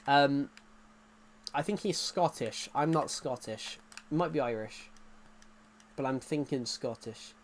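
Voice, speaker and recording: A man's voice: mid-range voice, slow pace, slight background noise. A man chatting casually to viewers during a gaming live stream, rambling and joking as he plays.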